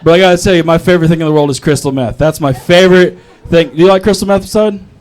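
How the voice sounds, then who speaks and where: Guy at an open mic, high voice, self-deprecating, cussing a lot and cracking himself up. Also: fast, a little mellow. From North Carolina, US. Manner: rambling, self-mocking, profane, laughs at own jokes. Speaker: stand-up comedian. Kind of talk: stand-up comedy set. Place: open mic comedy club.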